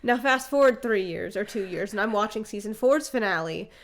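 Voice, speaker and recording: A young woman co-hosting a casual podcast chat, telling stories with lively acted-out reactions. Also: mid-range voice, fairly quick. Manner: animated storyteller, acts out her own reactions. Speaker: podcast co-host.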